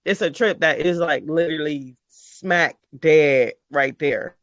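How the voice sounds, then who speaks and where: A man from Los Angeles hosting a casual interview, animated and playful, acting out quotes in funny voices. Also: a little high, measured pace, no echo, muffled recording. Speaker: podcast host.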